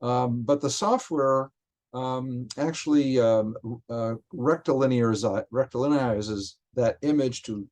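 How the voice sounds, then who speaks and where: A man, a software developer, explains technical details in conversation, often stopping and restarting his phrases. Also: medium pitch. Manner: halting, frequent restarts while explaining.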